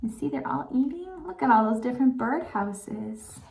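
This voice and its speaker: A woman's voice: a little high, lively intonation, normal speed, vocal fry, a little mellow. A woman reading a picture book aloud to children, playful and breaking off for asides to her young listeners.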